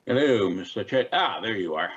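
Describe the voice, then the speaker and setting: Brief: male hearing officer, fairly low voice, folksy and measured, lo-fi call audio. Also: lively intonation, slightly rough. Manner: plain-spoken, folksy, measured. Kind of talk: presiding over a hearing.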